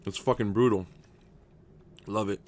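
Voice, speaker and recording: A man's voice: lowish voice, unhurried. A man streaming a card game live, chatting casually with his viewers and swearing freely as he plays. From United States. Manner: excitable, swears a lot, chats with viewers by name. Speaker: gaming streamer. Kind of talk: casual live-stream chat while playing.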